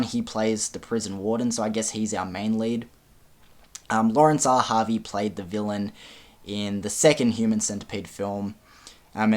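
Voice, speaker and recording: A man giving a casual film review, speaking frankly with frequent ums and casual swearing. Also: lowish voice.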